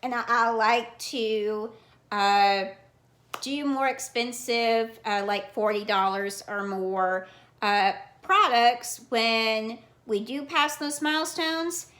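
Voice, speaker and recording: A woman talks in a put-on, cheesy Southern US accent with a slightly high voice. She rambles casually like a vlog host, calling herself Auntie as she chats. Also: slow, a bit bright, reverberant. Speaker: card collecting channel host.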